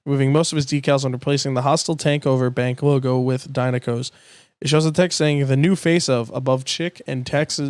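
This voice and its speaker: A man's voice: mid-range voice, clean tone, no room sound. Man reading a transcript aloud, dry. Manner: plain reading with stumbles and swearing. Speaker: youtuber.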